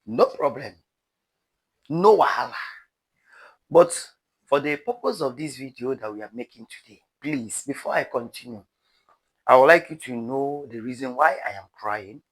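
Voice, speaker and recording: A man's voice: mid-range voice, lively intonation, normal speed, long pauses. A man with a Nigerian accent giving dramatic, pleading commentary to his viewers as a news vlogger. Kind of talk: animated commentary to camera.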